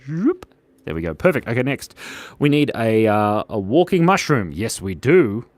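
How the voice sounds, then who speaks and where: A man's voice: mid-range voice, sing-song, normal speed, dry recording. A young man hosting a live drawing stream, chatting playfully, giggling, and reading out viewer comments. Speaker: drawing livestream host. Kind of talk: casual live drawing chat.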